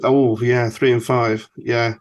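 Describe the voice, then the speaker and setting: A man's voice: mid-range voice, little pitch movement, a little mellow. Thoughtful man hosting a podcast. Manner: thoughtful, halting, many restarts. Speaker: podcast host. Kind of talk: interviewing, casual chat.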